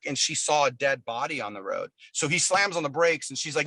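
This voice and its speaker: A man's voice: a little high, lively intonation, brisk, few pauses, bright, forceful tone, no echo. A man being interviewed over a video call, chatting casually as a musician guest, telling long stories in a loose, profane way. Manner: profane, rambling storyteller.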